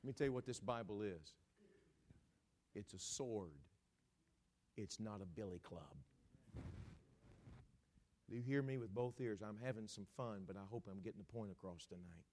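A man's voice: fairly low pitch, normal speed, pauses often, darkish tone, a little hiss or hum. A man preaching a sermon, emphatic and repetitive, with a playful streak.

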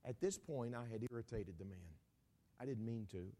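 Male preacher, mid-pitched, earnest storyteller, quiet delivery. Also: normal speed. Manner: quiet, earnest, acts out both sides of a conversation. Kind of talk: sermon storytelling.

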